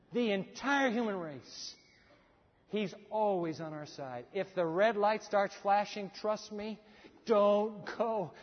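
A man preaching a sermon as a pastor, telling a story with animation and acting out dialogue. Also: sits high. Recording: dull sound, hall reverb.

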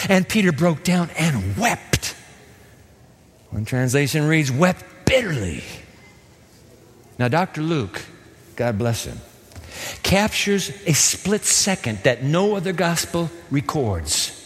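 A man preaching a sermon, telling the story in an animated way. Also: on the high side. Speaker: pastor. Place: church sanctuary. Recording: echoey hall.

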